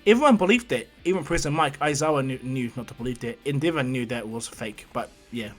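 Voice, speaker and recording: A man's voice: medium pitch, quick pace, fairly bright tone, faint music behind. A man retelling a fan story casually, rambling along. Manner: rambling, with fillers and restarts.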